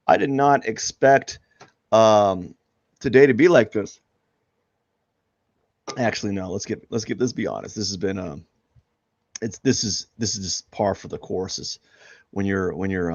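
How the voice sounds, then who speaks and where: A man with a fairly low voice chats off the cuff while he paints on a live stream. He wanders through his thoughts, stops and restarts his sentences, and laughs at his own situation. The sound is dry and a little dull, like a lo-fi home setup. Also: animated, unhurried, long pauses, dry recording. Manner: rambling, many restarts and fillers, laughs at himself. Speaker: artist streaming live drawing. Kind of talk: casual talk while drawing live.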